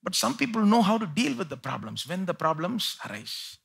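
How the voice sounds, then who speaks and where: A man delivers a live sermon in a bright, forceful voice with a husky edge. He preaches emphatically, jumping from loud pleading peaks to low, confiding asides, and his voice sits a little high for a man. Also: sing-song, brisk. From India. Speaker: pastor. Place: live church service.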